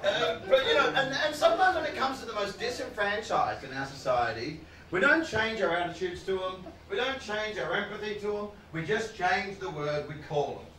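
A man's voice: sits high, sing-song, normal speed, few pauses. A male stand-up comedian telling a story on stage, swearing and laughing as he talks. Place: live comedy venue with audience. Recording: roomy venue, distant mic, audience noise.

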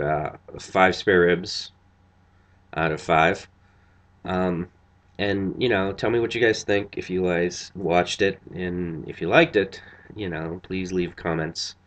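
Casting: tired male vlogger, very low voice, loose rambling review full of ums. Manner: rambling, many fillers and restarts. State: tired after a long night. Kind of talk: casual spoken review.

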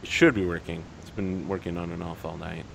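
A man narrating and running a tabletop wrestling game as game master, lively and casual. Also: sits low, fairly quick, gravelly, slight background noise. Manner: lively, puts on crowd voices.

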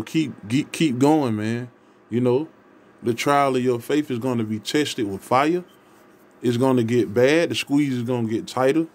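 A man's voice: mid-range voice, darkish tone. A man preaching a scripture sermon, reading verses aloud and stressing each point with repeated words and "okay?" checks. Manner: emphatic, repetitive, ends points with "okay?".

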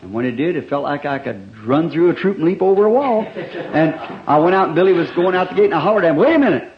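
A man preaching an old-time revival sermon, telling stories animatedly and swinging between loud emphasis and hushed asides, on a dull 1960s church recording. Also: fairly high pitch, lively intonation, fast, crowd noise.

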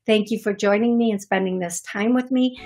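A woman's voice: mid-range voice, fairly quick, over loud music. A woman hosting a call-in radio show as a psychic medium, effusive and affectionate, calling her callers "love.".

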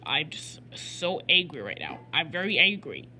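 A woman voicing an excitable male cowboy toy sheriff in gameplay commentary, repeating and sputtering words. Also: low-pitched, normal speed, slight background noise, full character voice. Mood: frustrated. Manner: repeats phrases over and over, sputters and stammers. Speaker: gamer playing in character.

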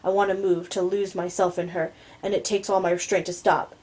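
A woman reading a first-person novel aloud in a steady, low-key storytelling voice. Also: brisk, low-quality recording. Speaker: audiobook reader.

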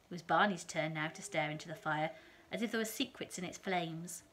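A woman reading a children's novel aloud in a calm, steady storytelling manner. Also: low-pitched, a little fast, a little hiss or hum.

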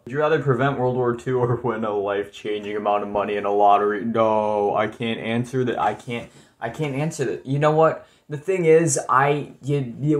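A man's voice: medium pitch, reverberant. A young man chatting casually on his own, answering questions in a rambling, laid-back way. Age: young adult. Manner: rambling, laid-back, says dude and like a lot. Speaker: YouTuber. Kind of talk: casual solo commentary.

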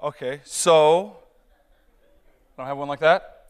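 A man's voice: a little high, takes it slowly, smooth. A man reading scripture aloud at a church service, plain-spoken, losing his place and correcting himself.

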